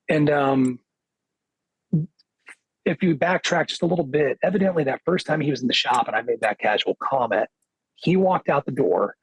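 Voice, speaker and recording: A man's voice: mid-range voice, husky, dry recording, low-quality recording. A middle-aged man, a guest guitarist, telling stories in a casual interview and acting out what others said. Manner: lively anecdote teller, acts out quoted dialogue.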